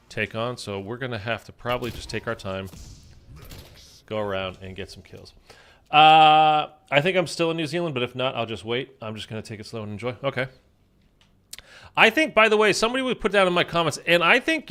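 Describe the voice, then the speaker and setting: A man's voice: mid-range voice, bright, forceful tone. A man chatting casually while he plays a zombie shooter, rambling with lots of fillers. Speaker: gaming YouTuber. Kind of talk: casual gameplay commentary.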